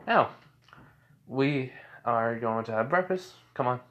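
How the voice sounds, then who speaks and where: A man voicing a gentle, caring young woman who speaks softly and reassuringly, pitched higher than his own voice. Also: animated, slow, lo-fi sound.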